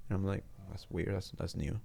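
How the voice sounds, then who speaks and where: A man, a guest in a studio interview, retelling a personal story in a halting, earnest way with frequent restarts. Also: sits low, steady tone, vocal fry, mellow, slightly rough.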